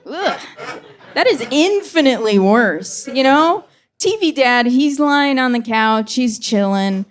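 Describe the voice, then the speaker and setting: A young woman performing a stand-up comedy set on a club stage, delivering deadpan punchlines and slipping into quick voices for the characters in her stories. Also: sits high. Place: comedy club stage before a live audience.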